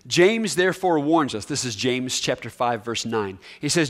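A man preaching a sermon, emphatic, repeating key words and swinging between loud and soft. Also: medium pitch, animated, moderate pace, hardly any pauses. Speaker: pastor.

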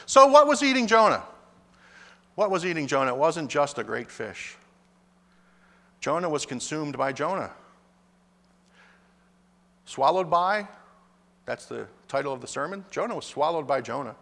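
A man's voice: a little high, expressive, normal speed, vocal fry, long pauses, bright, forceful tone, big-room sound. A man preaching a sermon with emphatic delivery, speaking lines in the voices of God and Jonah in turn. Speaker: pastor.

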